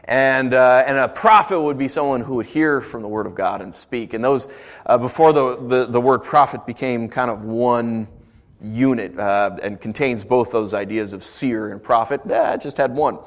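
A man's voice: medium pitch, moderate pace. A man preaching as pastor, reading scripture and then explaining it in a conversational way, full of rhetorical questions.

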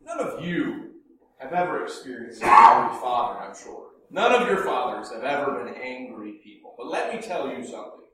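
A man telling a first-person dramatic monologue in an animated way, dropping to hushed murmurs and rising to loud bursts. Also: mid-range voice, moderate pace, slight background noise. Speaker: storyteller. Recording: echoey room from a distance.

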